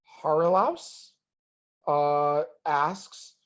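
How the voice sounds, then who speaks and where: A man's voice: a little high, very slow, fairly bright tone. A man answering audience questions in a webinar, hesitant, with many ums and restarts.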